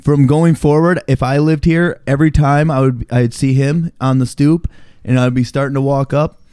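A man's voice: medium pitch, steady tone, moderate pace, warm tone, clear, resonant tone, no echo, clean studio sound. A man co-hosting a podcast in a joking, teasing casual chat. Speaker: podcast co-host.

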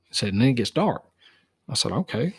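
A man's voice: medium pitch, big pitch swings, a little fast, gravelly, breathy edge. A man, a guest deer tracker telling a folksy story and acting out both sides of phone calls. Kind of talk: casual storytelling.

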